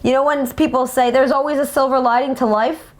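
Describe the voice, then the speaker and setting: A young adult woman hosting a casual fan show about song lyrics, talking with animated enthusiasm. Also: high-pitched, brisk. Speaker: host.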